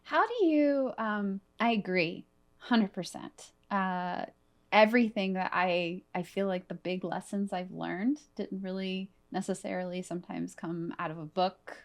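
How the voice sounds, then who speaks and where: Talking a little slowly in a mid-range voice, a woman hosts a conversational podcast interview. Her manner is earnest and cheerful, and she laughs readily along with her guest.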